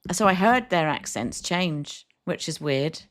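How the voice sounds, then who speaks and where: A woman's voice: low voice, lively intonation, measured pace. A woman co-hosting a podcast in casual chat, rambling and poking fun at herself. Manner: self-mocking, rambling, laughs often. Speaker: podcast co-host.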